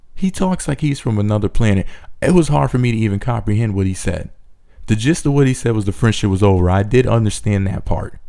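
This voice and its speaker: A man's voice: medium pitch, warm tone. A man recapping a reality TV episode with sarcastic, mocking asides. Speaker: recap commentator. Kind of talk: snarky TV recap commentary.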